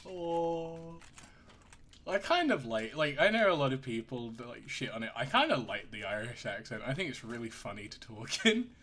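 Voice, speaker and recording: Brief: joking, swearing male game streamer with a sharp bright voice, mid pitch. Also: big pitch swings, a little slow. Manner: jokey, swearing, laughs often. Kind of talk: casual gaming commentary.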